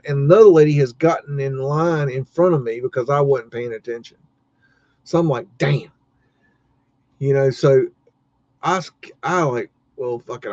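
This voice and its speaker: A man's voice: medium pitch, a little mellow, no room sound. A man hosting a live stream, telling a rambling story full of cursing and restarts, sounding exasperated. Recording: dull lo-fi dry sound.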